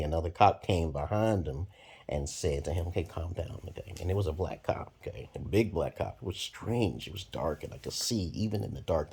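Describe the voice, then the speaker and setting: A man in his forties from Brooklyn, New York, giving a profane, rambling monologue to camera with sudden loud jumps. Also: deep voice, vocal fry, husky. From Brooklyn, New York, USA. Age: 40s. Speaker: vlogger.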